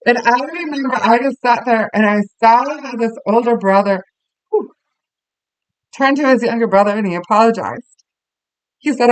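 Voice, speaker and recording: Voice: mid-range voice, dry recording, rough recording. A parenting teacher speaking earnestly and conversationally to parents, telling personal stories with many fillers and restarts. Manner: tells personal stories to the listeners.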